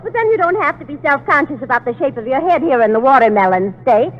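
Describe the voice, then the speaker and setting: Brief: a daffy man-hungry spinster, shrill and swoopy, 1940s radio comedy on dull hissy recording. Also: lively intonation, quick pace. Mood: flirty. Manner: shrill, giggly, brassy delivery. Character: man-crazy daffy spinster woman, brash.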